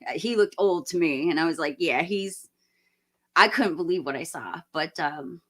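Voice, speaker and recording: A woman's voice: low-pitched, moderate pace. A woman in her forties hosting a live stream, giving blunt, opinionated movie talk and breaking into laughing rants. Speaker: livestream host. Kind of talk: casual live movie review chat.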